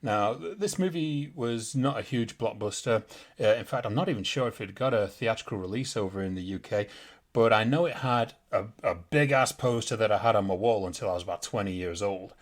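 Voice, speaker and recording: A British man hosts a casual podcast chat. His voice sits on the low side, and he drifts into grumbling rants broken up by frequent laughter. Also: brisk. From Britain. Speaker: podcast host.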